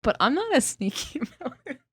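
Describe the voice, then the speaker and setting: A woman's voice: sits high, sing-song, brisk, dry recording, clean studio sound. A young woman co-hosting a comedy podcast, teasing and laughing as she talks, swearing casually. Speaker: podcast co-host.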